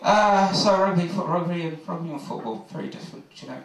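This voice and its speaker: Male pub comic, rambling and self-mocking, echoey room, mic from afar, voice sits a bit high. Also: fast, creaky, distant mic. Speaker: stand-up comedian. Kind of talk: stand-up comedy. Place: pub stage.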